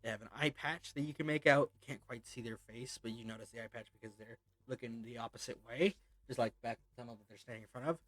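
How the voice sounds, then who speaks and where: A man's voice: medium pitch, fairly even intonation, quick pace, fairly bright tone, dry recording. A man running a tabletop game as game master, describing scenes in a loose, meandering way.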